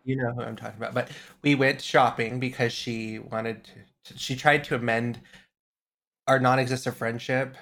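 A man's voice: medium pitch, fairly even intonation, moderate pace, gravelly, a bit bright. A man co-hosting a podcast in casual chat, blunt and profane, laughing often. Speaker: podcast co-host.

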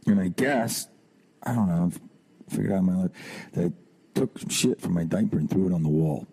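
A man in his thirties hosts a podcast and tells stories from his own life in a loose, profane way. His voice sits low and mellow with a husky edge. It swings far upward whenever he fires off rhetorical questions. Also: a little fast. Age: 30s. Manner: animated, swears freely, rises high on rhetorical questions. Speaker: podcast host. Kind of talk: personal storytelling monologue.

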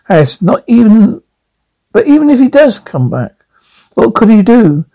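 A man voicing a worried male compound controller, reading from a script in a halting, anxious way. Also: high-pitched, big pitch swings, creaky, mellow, pitched above the performer's own voice, full character voice, poor audio. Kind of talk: script read aloud.

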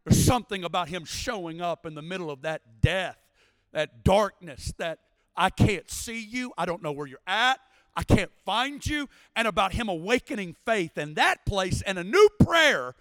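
Male preacher, high voice, dry close sound, rising to shouted, sung-out climaxes. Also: lively intonation, moderate pace, no room sound, in a large hall. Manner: impassioned, builds to shouting and sing-song preaching. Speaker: guest preacher. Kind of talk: sermon. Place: church service.

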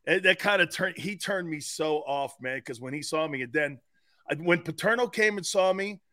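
A man co-hosting a sports talk show, telling lively stories and acting out the voices of the people in them. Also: on the high side, moderate pace, no room sound, studio quality. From Italian-American family. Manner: animated storyteller, acts out quotes, laughs often. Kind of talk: casual sports talk storytelling.

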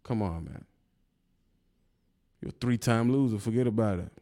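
A man's voice: on the low side, normal speed, warm tone. Man taunting a rival in a rant. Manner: taunting, confrontational, laughs mockingly. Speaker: YouTuber.

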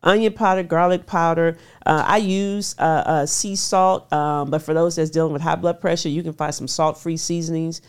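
A woman's voice: low-pitched, steady tone, normal speed, hardly any pauses, darkish tone, smooth. A middle-aged woman talking casually as a nutrition expert guest, stressing her points and repeating them for emphasis. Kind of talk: casual interview chat.

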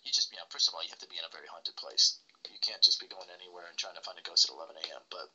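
A man's voice: low-pitched, racing, bright, forceful tone, dull audio. A man working as a paranormal investigator tells stories in a casual interview, rambling with lots of "like" and "you know.".

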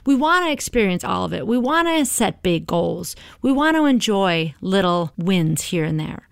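Encouraging woman with a gravelly edge. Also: mid-range voice, big pitch swings, moderate pace, no room sound, clean studio sound. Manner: warm, encouraging, often adds "right?". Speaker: podcast host. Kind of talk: motivational podcast talk.

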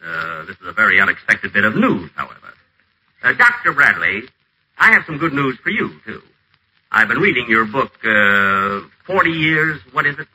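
A man's voice: on the low side, very animated, normal speed, a little hiss or hum, exaggerated voice, low-quality recording. An actor playing a pompous, acid-tongued man who schemes from a wheelchair, in theatrical 1940s radio acting. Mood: scheming. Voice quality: sharp, theatrical, imperious delivery. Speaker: acerbic radio celebrity stuck in a wheelchair.

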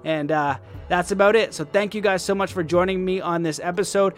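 Higher-voiced male podcast host. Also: a little fast, few pauses, soft background music. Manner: calm, guiding a breathing exercise. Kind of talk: podcast ad read and interview.

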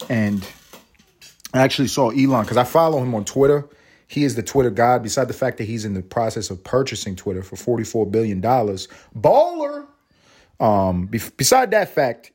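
A young man hosting a solo podcast, ranting casually with lots of profanity and sudden high-pitched exclamations. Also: a little mellow, husky. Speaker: podcast host.

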